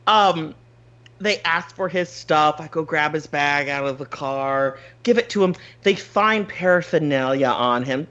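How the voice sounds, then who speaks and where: A podcast host telling a story in casual chat, animated, swearing freely and laughing often. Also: male voice, fairly high pitch, unhurried, muffled recording.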